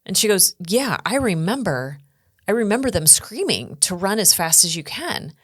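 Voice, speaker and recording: In a clean studio recording with no room sound, a middle-aged American woman tells her story earnestly as a podcast guest. Her voice is medium in pitch with a breathy edge, moving at normal speed. A guest speaker and coach, she animates the telling by acting out what others said.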